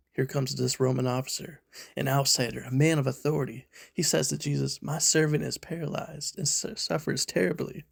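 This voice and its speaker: A man's voice: medium pitch, creaky, slightly rough. A man preaching a sermon, emphatic and full of rhetorical questions aimed at his listeners.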